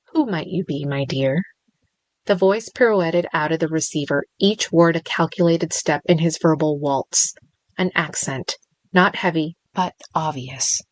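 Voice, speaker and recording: A woman reading a thriller audiobook in a measured, steady narration. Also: sits low, no room sound, poor audio.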